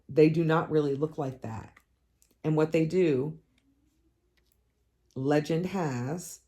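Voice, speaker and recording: A woman hosting a crafting channel, chatting casually to her viewers in a blunt, animated, profane rant with dramatic swoops up in pitch for emphasis. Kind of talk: casual chat vlog.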